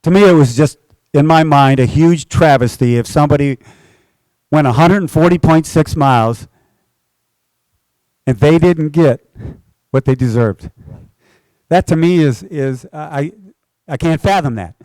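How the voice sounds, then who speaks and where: A man's voice: a little high, measured pace, pauses often, no room sound, rough recording. An older man, a race announcer, telling stories to a club audience and acting out the dialogue as he goes. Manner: animated storyteller acting out both sides of dialogue. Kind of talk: storytelling talk. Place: indoor club event.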